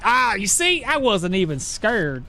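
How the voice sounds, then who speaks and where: A man's voice: high voice, big pitch swings, unhurried, sharp tone. A man streaming a game live, chatting casually with his viewers and laughing often as he plays. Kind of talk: live gameplay commentary to chat.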